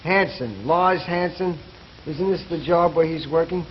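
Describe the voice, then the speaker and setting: A man's voice: fairly high pitch, a little slow, slight background noise, lightly acted. An actor playing a young soldier looking for his father, direct and questioning, in 1940s radio acting on a dull old recording. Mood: puzzled. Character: young soldier son, puzzled.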